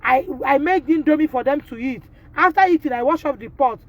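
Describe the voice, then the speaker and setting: Speaking briskly in a high voice with the highs cut off, a Nigerian-accented mother of a pupil confronts the school directly on live video. She is emphatic and indignant and keeps repeating her points.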